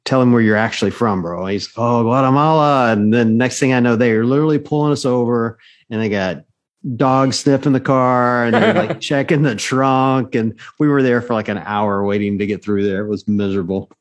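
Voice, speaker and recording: A man's voice: mid-range voice, fairly even intonation, moderate pace. A man in his forties, co-hosting a podcast, telling a story in a laid-back way with dry humor and frequent "um"s. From United States. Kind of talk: casual storytelling chat.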